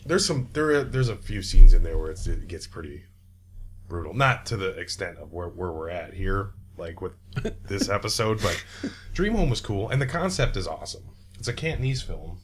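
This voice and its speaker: A man hosting a casual podcast chat, laid-back and profane, who breaks into loud mock voices. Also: low-pitched, expressive, normal speed, slight background noise. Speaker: podcast host.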